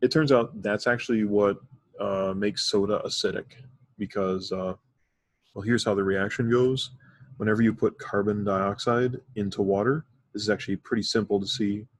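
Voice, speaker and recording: Here a man whose voice sits on the low side teaches chemistry in a steady tone and at normal speed, with no room sound on the recording. It's a classroom lecture, explained step by step and sprinkled with occasional fillers.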